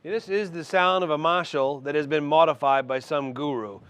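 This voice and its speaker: A man's voice: a little high, normal speed, smooth. A middle-aged man casually demoing a guitar amp in a music store, explaining each setting between riffs. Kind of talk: casual product demo. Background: loud electric guitar playing.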